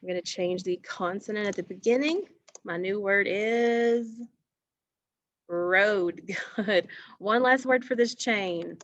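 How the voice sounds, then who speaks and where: Slow, deliberate woman teaching phonics. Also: medium pitch, no room sound, lo-fi sound. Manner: slow, deliberate, encouraging, stretches words for emphasis. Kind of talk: phonics lesson for young children.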